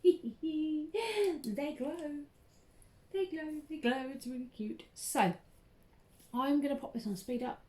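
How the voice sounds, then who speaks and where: A woman's voice: fairly high pitch, a little mellow. A chatty, bubbly young woman who laughs a lot and says "um" often, hosting a casual crafting tutorial vlog. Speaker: craft channel host.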